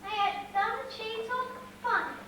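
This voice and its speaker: A young performer playing a cheeky local lad, very high voice. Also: steady tone, measured pace, bright, forceful tone, heavily acted. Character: cheeky railway family boy, local lad. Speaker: amateur stage performer. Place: amateur theatre stage. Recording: echoey hall recorded from far off with hiss.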